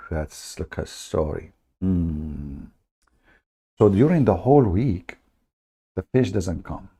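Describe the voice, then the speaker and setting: A man hosting a live stream in a sarcastic, mocking manner, laughing at his own points. His voice is low and gravelly, with a dark, mellow tone.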